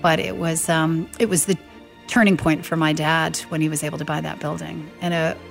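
A woman's voice: sits low, fairly even intonation, normal speed, vocal fry. A middle-aged woman recounting her father's life as an interview guest, animatedly acting out the quoted dialogue, with faint music behind. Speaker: guest telling her late father's story. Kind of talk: storytelling interview.

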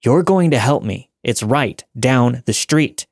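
A man's voice: mid-range voice, expressive, a little slow, dry recording, clean studio sound. A man doing a pushy, demanding stranger. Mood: angry.

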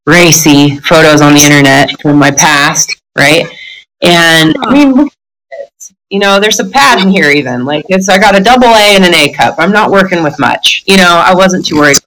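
A woman's voice: fairly low pitch, moderate pace, a bit bright, rough recording. A middle-aged woman telling her story in a candid conversation, blunt and profane, breaking into laughs and acting out other people's lines.

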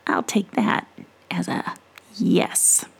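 A woman voicing a gentle, wise and playful witch in a breathy, half-whispered story voice. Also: slow pace, lightly acted. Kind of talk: whispered role-play.

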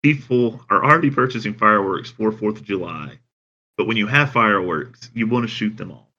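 A man with a Southern American accent, chatting casually as a podcast co-host and telling things in a dry, deadpan way. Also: fairly low pitch. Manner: dry, deadpan storytelling with drawn-out phrases. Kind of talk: casual chat. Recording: dull lo-fi sound.

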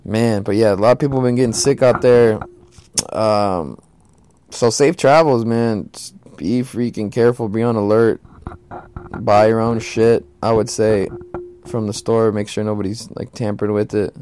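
A man's voice: on the low side, steady tone, moderate pace, darkish tone, slight background noise. A man hosting a podcast alone, talking casually in a laid-back, slangy, profane way. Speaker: podcast host. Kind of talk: casual solo podcast monologue.

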